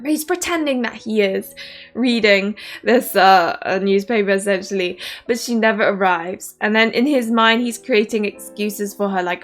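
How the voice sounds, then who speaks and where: A woman casually reviewing a book in a rambling, animated way, full of fillers. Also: medium pitch, moderate pace, faint music behind.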